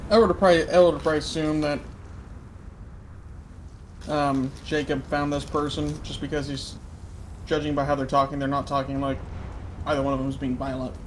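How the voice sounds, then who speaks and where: A man's voice: on the high side, little pitch movement, fairly quick, pauses often, a little hiss or hum, poor audio. A man playing a tabletop role-playing game, chatting and joking while he explains his character's moves. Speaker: player. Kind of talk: casual tabletop play.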